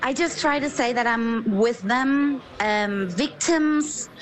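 A woman journalist, speaking in a measured, earnest way with soft hesitations. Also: fairly high pitch, rough recording. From Venezuela. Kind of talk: interview answer.

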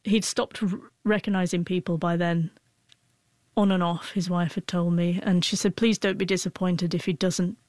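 A woman's voice: on the low side, steady tone, moderate pace, a little mellow, no echo. A woman in her forties, an interview guest who stutters, with frequent broken-off sounds and restarts as she tells a personal story.

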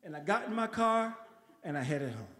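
A man from the Bronx telling a story on stage, animated and acting out his quotes with swearing and laughter. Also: fairly high pitch, normal speed. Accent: New York. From the Bronx, New York. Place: stage in a large theater. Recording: long reverb of a live hall.

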